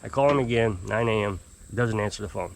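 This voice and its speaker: A man telling a long, exasperated story to camera in a rambling, casual way. He mimics his customers in high, put-on voices. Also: fairly quick, gravelly. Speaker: off-grid homesteader fixing small engines.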